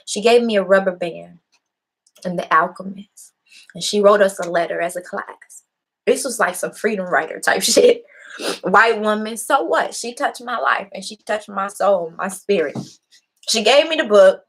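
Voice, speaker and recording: A woman's voice: medium pitch, expressive, unhurried, fairly bright tone. A young adult woman hosting her own show, giving a casual, impassioned and preachy talk to her viewers with blunt, profane language. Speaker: host. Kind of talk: casual motivational talk to a live audience.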